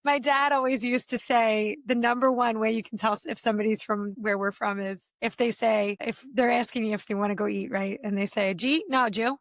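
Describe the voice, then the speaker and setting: A woman's voice: a little high, brisk, few pauses, no echo, studio quality. A woman from Delaware County with a Philadelphia-area accent, co-hosting a casual chat over drinks and talking animatedly with a laugh in her voice. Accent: Philadelphia (Delco). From Delaware County, Pennsylvania. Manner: animated, laughing, piles on examples. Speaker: podcast co-host.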